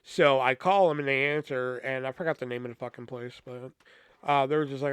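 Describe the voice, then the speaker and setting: A man's voice: medium pitch, brisk, smooth, no room sound. A man hosting a podcast, casually telling a funny personal story in a profane, rambling way full of asides. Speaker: podcast host.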